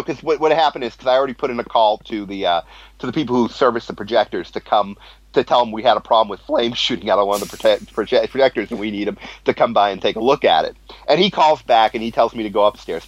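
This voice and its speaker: A man's voice: on the low side, quick pace, no echo. A man telling a profane story in casual talk, laughing at his own jokes. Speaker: storyteller, former cinema manager. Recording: dull lo-fi sound.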